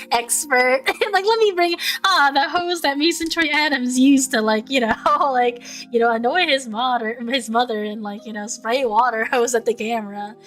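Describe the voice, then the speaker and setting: Young woman streamer, high voice, stammers and repeats words, casual chat, faint music behind. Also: fairly bright tone. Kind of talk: casual chat, reading out chat messages.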